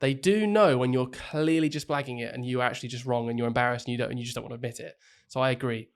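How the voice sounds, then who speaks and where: A man's voice: mid-range voice, fast, clean tone. A man, a primary teacher co-hosting a podcast, telling classroom stories in casual chat, acting out his own lines with a lifted voice. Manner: animated, acts out his own lines in a raised voice.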